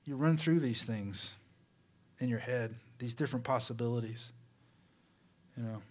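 Speaking at medium pitch and a moderate pace, a male pastor gives a chatty sermon. He asks rhetorical questions, and his voice drops softly as phrases end.

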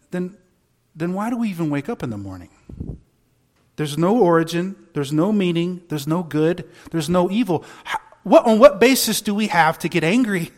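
Earnest, high-voiced male preacher. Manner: earnest, repeats words when restarting, rhetorical questions. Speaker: pastor. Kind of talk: sermon.

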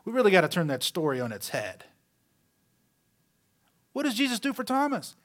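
Male pastor, slightly high voice, talky sermon full of rhetorical questions, trails off softly at phrase ends. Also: huge pitch swings, normal speed. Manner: conversational preaching with rhetorical questions.

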